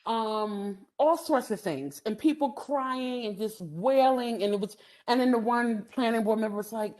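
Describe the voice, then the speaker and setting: A middle-aged woman gives a storytelling lecture, animated, laughing often and using many "um" fillers. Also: fairly high pitch, moderate pace, few pauses. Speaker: housing development speaker.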